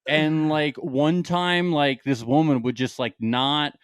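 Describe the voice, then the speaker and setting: A man's voice: a little high, slow pace, clear, resonant tone, no room sound, studio quality. A man co-hosting a casual sports podcast, rambling through stories with lots of "like" fillers. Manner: rambling, many "like" fillers, animated storytelling. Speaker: podcast co-host. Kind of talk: casual chat.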